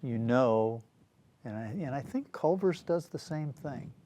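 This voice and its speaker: A man hosting a casual book discussion, talking in a relaxed, rambling way with frequent fillers and some throat clearing. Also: medium pitch, measured pace, a little hiss or hum. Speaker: show host.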